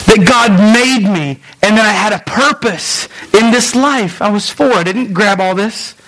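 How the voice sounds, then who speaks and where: High-voiced pastor preaching. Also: male voice, poor audio. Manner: animated storytelling, addresses congregation directly. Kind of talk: sermon. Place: church sanctuary.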